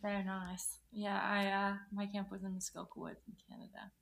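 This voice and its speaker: A young woman from New York, a podcast guest, telling animated stories with lots of laughter and quick put-on voices. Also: mid-range voice, gravelly. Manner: animated storyteller, laughs often, acts out quoted voices. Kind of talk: casual podcast chat.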